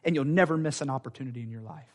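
A man preaching a sermon in a church, animated, repeating phrases and acting out quoted voices. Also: medium pitch, racing. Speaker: pastor. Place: church sanctuary.

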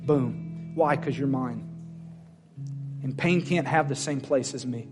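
A man's voice: mid-range voice, takes it slowly, pauses often, over music. Impassioned folksy man preaching. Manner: swings from loud emphatic declarations to quiet intimate prayer; folksy, plain-spoken. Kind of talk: sermon. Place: church service.

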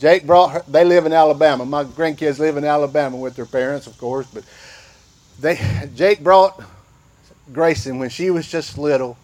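A man's voice: on the high side, darkish tone. An older man, preaching a sermon in a folksy, conversational way. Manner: slow and drawn out. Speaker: pastor.

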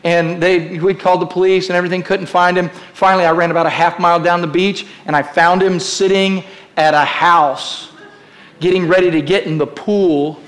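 High-voiced preaching man, impassioned. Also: fairly even intonation, normal speed. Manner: impassioned preaching, rising to shouts. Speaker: pastor. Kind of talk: sermon.

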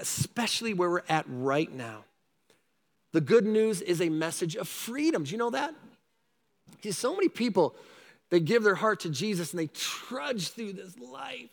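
A man preaching a sermon, animated, with rising shouts and repeated calls to his listeners. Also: sits high, vocal fry, in a large hall. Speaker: pastor.

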